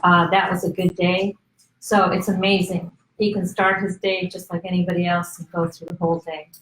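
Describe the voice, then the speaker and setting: A woman's voice: fairly low pitch, level tone, moderate pace, fairly bright tone, echoey room, poor audio. A woman in an interview who prompts the guest and speaks about him in the third person.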